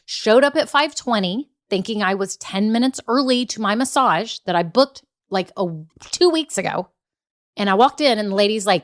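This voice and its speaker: A woman's voice: medium pitch, expressive, a little fast. A middle-aged woman hosting a business podcast, telling stories in a chatty, earnest way and repeating her key points for emphasis. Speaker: podcast host, business coach. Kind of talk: casual motivational podcast talk.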